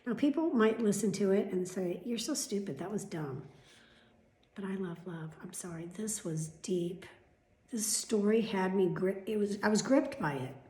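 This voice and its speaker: A woman venting in a casual vlog, swearing freely and swinging between loud outbursts and whispered asides, a little chesty. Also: medium pitch, normal speed, reverberant. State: coughing, chesty. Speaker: vlogger.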